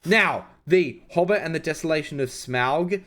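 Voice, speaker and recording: A young man reacting to films in casual commentary, excitable, swearing and laughing. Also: mid-range voice, slow. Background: film music playing.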